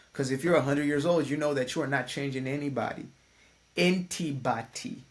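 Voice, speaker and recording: A man who works as a life coach, giving a casual motivational talk to the camera. He speaks in a conversational, slangy way with playful asides. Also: medium pitch.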